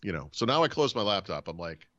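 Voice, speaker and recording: Podcast host, male, low and very expressive, chatty storyteller who does the voices, slightly muffled audio. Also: quick pace. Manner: animated storyteller, acts out quoted dialogue. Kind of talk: casual chat, storytelling.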